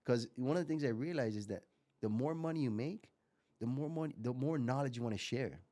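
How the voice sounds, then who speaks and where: A man in his forties from Miami, a guest entrepreneur telling lively stories and often repeating words. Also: mid-range voice, brisk. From Miami, USA. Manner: animated storyteller, repeats words as he goes. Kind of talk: casual interview talk.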